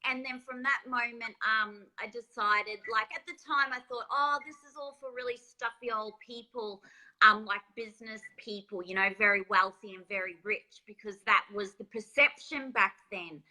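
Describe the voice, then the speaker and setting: Bright, high-voiced woman. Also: moderate pace, poor audio. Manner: lively, laughs often, acts out quoted voices. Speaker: author and spa business founder. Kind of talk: casual interview storytelling.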